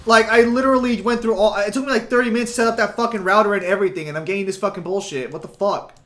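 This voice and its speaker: This is casual gaming stream chat from a young man at home, who rambles to his viewers with plenty of fillers and constant swearing. He speaks in a high, slightly bright voice with a steady tone at a rapid-fire clip.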